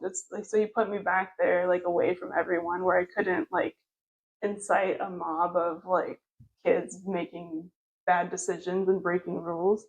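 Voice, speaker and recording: A woman's voice: on the low side, little pitch movement, moderate pace, low-quality recording. A woman telling a story in a casual chat, rambling with lots of fillers and laughter. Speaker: podcast co-host.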